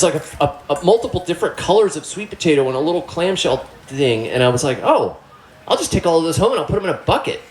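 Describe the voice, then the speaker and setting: A middle-aged man gives a relaxed, joking talk to a live audience, rambling and conversational. His voice sits in a middle register. The room is echoey, with a faint steady noise behind him. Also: mid-range voice. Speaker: gardening presenter.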